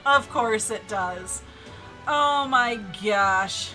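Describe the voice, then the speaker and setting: A woman's voice: on the high side, animated, measured pace, bright, forceful tone, low-quality recording. A woman streaming a video game, chatting playfully, laughing often and stumbling over words now and then. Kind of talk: casual gameplay chat, reading game lines aloud. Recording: game music under the voice.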